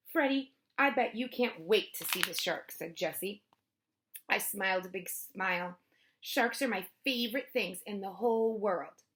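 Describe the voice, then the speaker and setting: Lady reading a kids' chapter book out loud, lively, voice jumps up for the little kids' lines. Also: a little slow. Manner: lively, pitching up for kids' voices and dropping low for narration tags. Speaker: storybook reader. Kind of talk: children's read-aloud with character voices.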